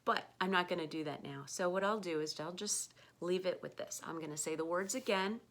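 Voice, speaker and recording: An American woman giving an online pronunciation lesson, speaking slowly and patiently, repeating words for learners to copy. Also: fairly low pitch, a bit bright. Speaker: English pronunciation teacher.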